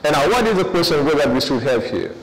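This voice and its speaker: A man's voice: a little high, very animated, fast talker, long reverb tail, rough recording. A man teaching an English review lesson, switching between English and with frequent fillers.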